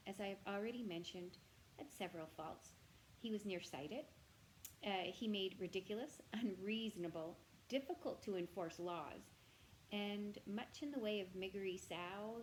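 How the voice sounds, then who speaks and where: Gentle woman reading a storybook aloud. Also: medium pitch, a little hiss or hum, rough recording. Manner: gentle, expressive, addresses the listener directly. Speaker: reader of a children's novel.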